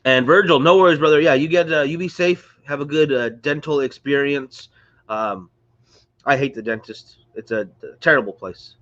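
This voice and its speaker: During a casual live-stream chat, a congested, under-the-weather man rambles on, chatting and saying hello to viewers. He speaks at a moderate pace in a fairly high, fairly bright voice. The audio is dull, coming through a mic close to a screen or phone.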